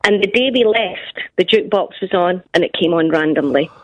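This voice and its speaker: A middle-aged Scottish woman, a comedian guest, telling stories in casual radio chat with quick asides. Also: lowish voice, dry recording, low-quality recording. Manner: animated storyteller, quick asides.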